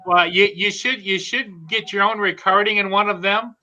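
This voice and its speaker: A man's voice: high-pitched, steady tone, moderate pace, bright, forceful tone. A man co-hosting a casual live stream, joking dryly and often repeating his words. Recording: dull lo-fi stream audio.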